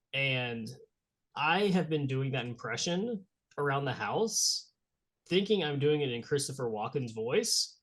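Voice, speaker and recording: A man's voice: medium pitch, animated, a little slow, fairly bright tone. A married man co-hosting a podcast, with dry, wry banter in casual chat. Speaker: podcast co-host.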